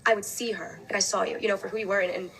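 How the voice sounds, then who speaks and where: A young woman in casual podcast chat, rambling quickly and filling with "like". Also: medium pitch, fairly even intonation, a bit bright, rough recording. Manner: very fast, rambling with "like".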